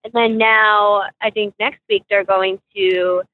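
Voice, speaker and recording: A woman calling in by phone from a car, chatting in a brash, loud, bubbly way. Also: medium pitch, flat delivery, takes it slowly. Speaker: guest. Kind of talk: casual chat. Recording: tinny phone line.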